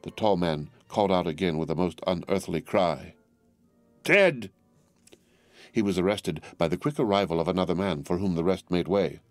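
A male narrator reads a classic novel in a measured, formal way. His voice is deep and low. The recording is dry and close, with faint music underneath. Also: fairly even intonation, darkish tone, no echo. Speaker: audiobook narrator.

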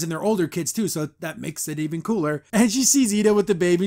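A man's voice: fairly high pitch, quick pace, hardly any pauses, darkish tone. A man hosting a podcast, casually recapping a cartoon episode, rambling with lots of "like" and acting out the lines he quotes. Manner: rambling, full of "like", acts out quotes.

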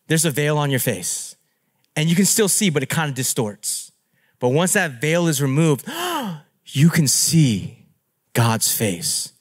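High, lively-voiced man preaching. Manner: animated, playful, laughing at himself. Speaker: pastor. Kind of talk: storytelling sermon.

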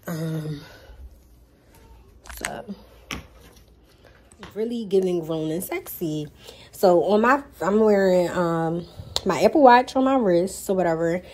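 A young woman vlogging in casual, slangy chat, talking into her phone, nervous and excited. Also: on the low side, slow, pauses often. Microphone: phone held by hand. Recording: music playing behind.

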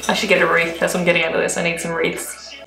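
A woman's voice: fairly low pitch, completely flat delivery, racing, vocal fry, pushed and bright, echoey room, soft background music, poor audio. A woman with an Australian accent, a vlogger chatting and gushing as she reacts to adverts. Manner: chatty and gushing, full of "like" fillers. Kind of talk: casual reaction commentary.

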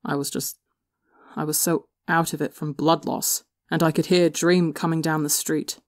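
A woman voicing a weary, remorseful young man who speaks quietly and sheepishly. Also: a little high, level tone, moderate pace, no room sound, clean studio sound, natural voice. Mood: subdued.

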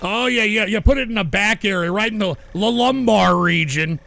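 A male livestream host reading chat aloud, combative, swinging from low mutters to angry shouting. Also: moderate pace, creaky.

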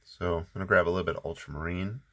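A man hosting his own watercolor channel, talking through a painting in a relaxed, rambling way with lots of ums, still a bit sleepy. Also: deep voice, very fast. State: sleepy, just waking up. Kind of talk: casual painting tutorial narration.

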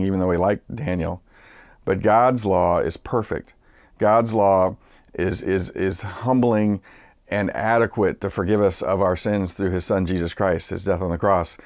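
Deep-voiced man preaching a sermon. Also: darkish tone, no room sound, clean studio sound. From Massachusetts, United States. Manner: conversational, with frequent fillers and restarts. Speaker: pastor.

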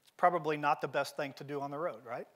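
A man's voice: on the high side, fast talker, a bit bright. A middle-aged man giving a motivational keynote at a seminar, telling stories in a direct, emphatic way. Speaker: keynote speaker. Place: seminar venue.

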